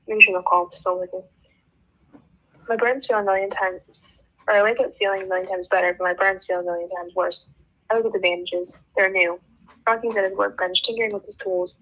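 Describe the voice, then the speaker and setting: A woman's voice: medium pitch, muffled recording. A woman hosting a book club, reading a novel aloud in the first person and breaking off now and then to laugh.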